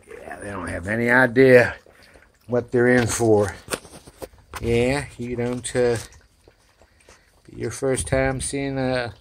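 A man with a drawl chats casually outdoors on a back porch. He talks to his puppies in a coaxing, sing-song way. Faint outdoor noise sits under his voice. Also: medium pitch. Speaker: dog breeder showing puppies. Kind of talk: casual chat to camera and puppies.

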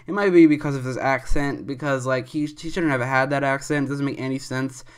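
A man's voice: mid-range voice, steady tone, brisk, clean tone. A young man hosting a commentary video, giving rambling, opinionated takes with frequent restarts.

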